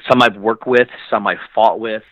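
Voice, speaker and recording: A man with a bright, forceful voice and a fairly low pitch, chatting as a guest. He rambles through his stories with fillers and restarts. His voice jumps up high when he quotes people. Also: steady tone, moderate pace, no echo, lo-fi sound. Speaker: guest actor. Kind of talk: casual storytelling interview.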